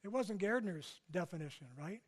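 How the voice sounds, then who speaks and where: A man's voice: sits high, animated, moderate pace, husky. An older man from Canada giving a public lecture in a conversational way, often checking in with his listeners. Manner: conversational, frequent tag questions. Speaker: speaker.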